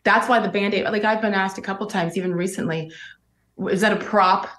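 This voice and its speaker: A woman's voice: medium pitch, fairly even intonation, fairly quick, a bit bright. Candid woman guest in a roomy clip. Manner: candid, earnest, with fillers like "like" and "um". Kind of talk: interview clip.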